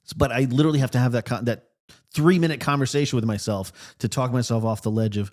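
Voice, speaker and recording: A man's voice: medium pitch, quick pace, darkish tone. Rambling man, chatty podcast co-host. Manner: rambling, with many fillers and restarts. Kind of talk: casual chat. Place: podcast studio.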